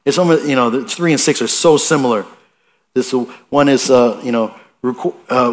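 A man preaching a sermon in a conversational way, asking his listeners questions and reading scripture aloud with rising emphasis. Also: mid-range voice. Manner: conversational, asks the listeners questions, restarts often.

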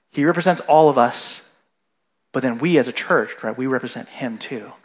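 A man preaching a sermon in a conversational way, often checking in with his listeners. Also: a little high. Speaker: pastor.

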